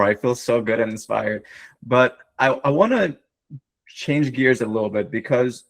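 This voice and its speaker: A man's voice: medium pitch, a little slow. A man hosting a podcast, asking questions in an eager, enthusiastic way. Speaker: podcast host. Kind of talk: casual podcast conversation.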